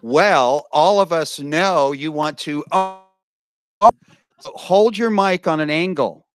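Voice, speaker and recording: A man's voice: on the high side, slow, no room sound. A man working as event emcee, briefing a live audience and coaxing them to join in. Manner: lively, coaxing the crowd to join in. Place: conference room with a live audience.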